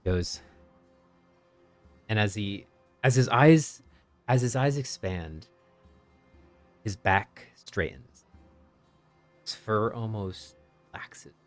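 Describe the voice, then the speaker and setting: A man narrating as game master of a tabletop game in a measured, descriptive way. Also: lowish voice, soft background music.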